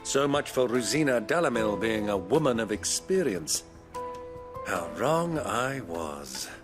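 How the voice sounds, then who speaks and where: A man voicing a genial, worldly older uncle in a video game, wry and unhurried. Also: lowish voice, big pitch swings. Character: jovial older male uncle, worldly nobleman. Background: game soundtrack music.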